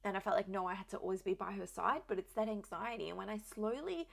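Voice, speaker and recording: A woman's voice: mid-range voice, fast talker, gravelly. A young adult woman, a new mother, telling her own story in a candid, chatty way with lots of "like" fillers. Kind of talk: casual personal storytelling.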